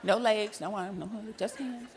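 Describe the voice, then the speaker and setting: A woman giving a closing speech at a conference, telling a family story with wry humor and acting out the dialogue, then speaking in a hushed, earnest way. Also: medium pitch, unhurried, background noise. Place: large conference hall stage.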